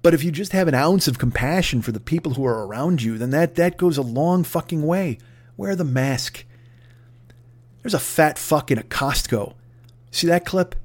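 Male podcast host, somewhat high voice, swearing and wry, rambling monologue. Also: lively intonation, moderate pace. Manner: profane, digressive, wry. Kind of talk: casual comedic rant.

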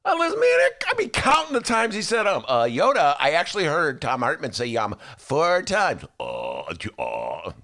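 A man's voice: fairly high pitch, moderate pace, gravelly, hardly any pauses. A man hosting a radio talk show, bantering and joking, slipping into impressions. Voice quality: animated, jokey, slips into impressions. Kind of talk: casual on-air banter.

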